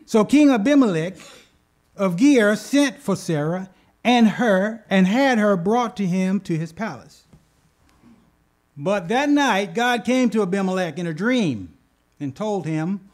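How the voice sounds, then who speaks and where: Man, pastor, sermon, animated storytelling, very expressive pitch. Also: unhurried. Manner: animated, rises loud when acting out scripture; addresses congregation with "okay?" asides.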